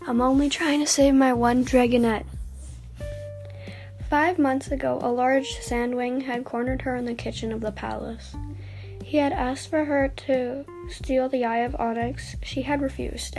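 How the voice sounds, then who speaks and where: Woman, fairly high voice, channel host, reads her own fan story, casual, slips and self-corrections. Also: darkish tone. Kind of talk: casual reading aloud of a story.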